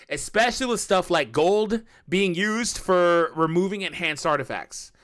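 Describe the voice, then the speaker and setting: Animated bright-voiced gaming commentator man. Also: a little high. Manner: animated, argumentative, rambling with repeats and asides. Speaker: gaming youtuber. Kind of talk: opinion commentary on a mobile game.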